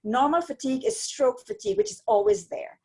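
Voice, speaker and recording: A woman, a stroke survivor telling her story as an interview guest in a rambling, animated way with many restarts. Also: high-pitched, fairly quick, vocal fry. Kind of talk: casual interview chat.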